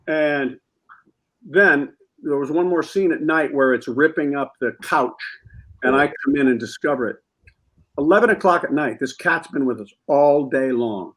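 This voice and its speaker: Male guest, animated anecdote teller, slightly high voice. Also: moderate pace, rough recording. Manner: animated storyteller who acts out quotes. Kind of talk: comedic anecdote on a talk show.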